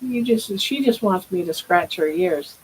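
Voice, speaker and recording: A woman's voice: on the low side, expressive, measured pace, darkish tone, slight background noise, low-quality recording. An older woman hosting a casual live stream from home, talking baby talk to her pet and musing aloud about her weight.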